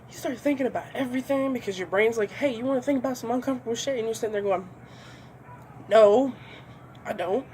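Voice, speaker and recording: A woman's voice: a little high, rapid-fire, hardly any pauses, a little mellow, a little hiss or hum. A young woman doing a comedy monologue, ranting with lots of swearing and acting out voices. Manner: profane, ranting, acts out voices.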